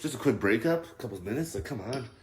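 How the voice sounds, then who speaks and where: A man's voice: mid-range voice, lively intonation, fast talker, roomy sound, crowd noise. A man hosting a podcast in casual chat. He is laid-back, chimes in briefly and laughs often. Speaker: podcast host.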